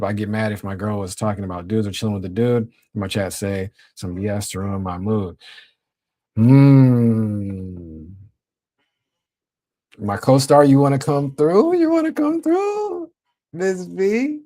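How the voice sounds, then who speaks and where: A young man hosting a casual livestream, talking in a laid-back, slang-heavy way while reading and shouting out his chat. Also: fairly low pitch, normal speed. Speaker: livestream host.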